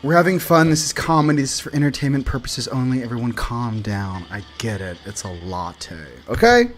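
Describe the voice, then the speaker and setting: A man's voice: medium pitch, very animated, brisk, faint music behind. A man hosting a casual spiritual chat show, rambling and joking, acting out little voices and laughing. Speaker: host.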